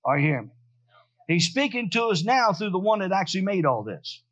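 Fervent high-voiced preacher, muffled. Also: male voice, big pitch swings, a little fast, fairly bright tone. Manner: preaching with rising fervor and call-and-response. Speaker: pastor. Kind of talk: sermon.

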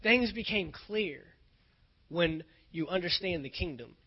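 Male pastor, sermon, high voice, earnest repetitive preaching, dull lo-fi sound. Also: lively intonation, unhurried, husky. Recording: dull lo-fi recording.

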